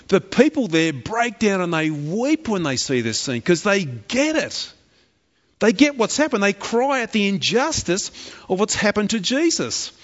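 A man preaching a sermon in an impassioned, emphatic way, repeating key phrases. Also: high-pitched. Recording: echoey hall, dull lo-fi.

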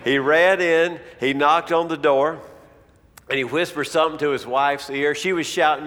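A man's voice: steady tone, normal speed, fairly bright tone, long reverb tail. A man preaching a sermon, telling a story and acting out the quoted lines of its people. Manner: storytelling, acts out quoted speech with rising pitch.

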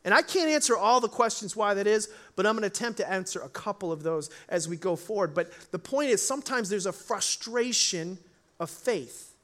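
A man's voice: high-pitched, a little fast. A man preaching a sermon as pastor, telling a Bible story and acting out the voices in it. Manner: animated, acts out Bible voices.

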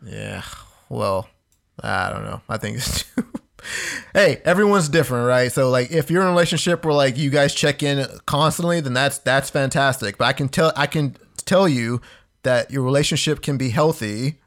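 Podcast dude, medium voice, kinda hesitant, lots of like and dude. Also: male voice, mid-range voice, normal speed, vocal fry, a bit bright. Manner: hesitant, restarts, says "like" and "dude" often. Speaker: podcast co-host. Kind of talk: casual debate chat.

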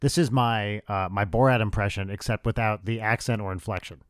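Low voiced guest dude, deadpan teasing, dry sound. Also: male voice, fairly quick, no room sound. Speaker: podcast guest. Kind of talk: casual chat.

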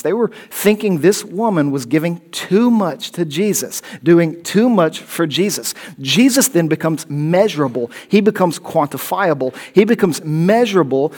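Male pastor, slightly high voice, emphatic sermon delivery that builds to loud questions. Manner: emphatic preacher, repeats phrases and rises to loud questions.

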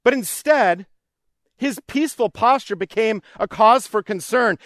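Male pastor, high light voice, earnest repetitive sermon delivery, dry recording. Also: a bit bright, no room sound. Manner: earnest, repetitive preaching cadence, voicing pleading prayers.

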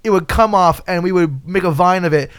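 A man's voice: high voice, fairly quick, a bit bright, clean tone, no echo, clean studio sound. A man putting on a goofy male movie star who prank-calls a stranger, rambling and stammering with crude jokes. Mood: rambling pitch.

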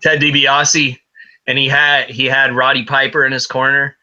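Male podcast co-host, very bright tone, crude joking banter. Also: medium pitch, flat delivery, normal speed, highs cut off. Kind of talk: casual chat.

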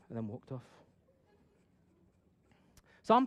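A middle-aged man telling a personal story to an audience and drawing a lesson from it, swinging from loud bursts to hushed asides. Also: medium pitch, very animated, a little slow, pauses often. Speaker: speaker addressing an audience. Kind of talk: storytelling talk with a moral.

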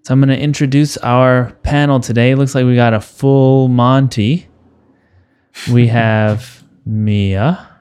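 A man from the United States hosting a casual panel podcast, upbeat and quick to laugh. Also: medium pitch, steady tone, darkish tone, smooth. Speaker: podcast host.

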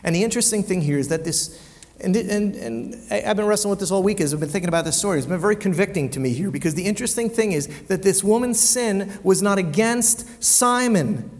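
A man's voice: high-pitched, a little fast. A male pastor preaching a conversational sermon in a church, often repeating words as he goes and asking the congregation rhetorical questions. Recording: long hall reverb.

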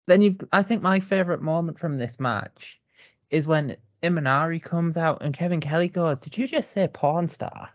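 Animated man on a dull lo-fi mic. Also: fairly high pitch, no room sound. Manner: animated, joking, fast bursts. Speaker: podcast co-host. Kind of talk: casual wrestling chat. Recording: dull lo-fi sound.

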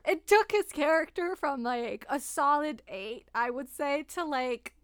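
High-voiced laughing woman, casual book chat. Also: measured pace, dry recording, studio quality. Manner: animated, laughing, swearing. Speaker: podcast co-host.

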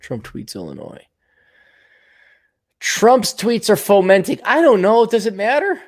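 This livestream host has a high-pitched voice with enormous swings in pitch. He reads out viewer donations and rants bluntly and profanely, talking fast and loose with lots of fillers and restarts.

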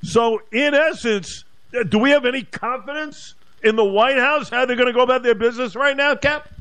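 A man's voice: very high voice, normal speed, a bit bright, clean tone, no room sound. A man hosting a talk radio show, speaking emphatically and indignantly, repeating his points.

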